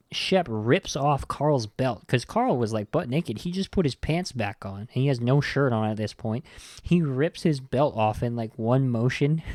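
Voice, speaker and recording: A man's voice: mid-range voice, darkish tone, dry recording. Rambling man recapping a movie, dry sound. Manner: rambling, loose, full of "like" and "you know". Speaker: podcast host.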